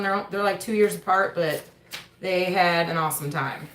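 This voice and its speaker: A woman's voice: lowish voice, moderate pace, fairly bright tone, a little hiss or hum. A woman hosting a casual livestream mail call from her table at home, chatting and often breaking off to talk to her kids. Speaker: homestead channel host and mother. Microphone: camera on the table. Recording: roomy echo in a home.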